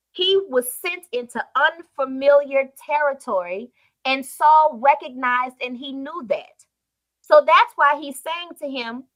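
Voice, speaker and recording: A woman preacher retelling a Bible story in a sermon with emphatic storytelling and sudden swings in loudness. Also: high voice.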